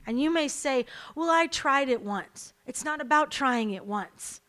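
A woman's voice: high-pitched, normal speed, fairly bright tone. A woman preaching a sermon to a church congregation, emphatic and repeating her key lines, then leading a prayer.

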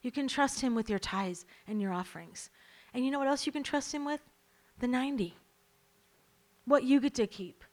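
A woman with a high, darkish voice preaches a sermon to a church congregation at normal speed. She is emphatic, repeating her key lines, and then leads a prayer.

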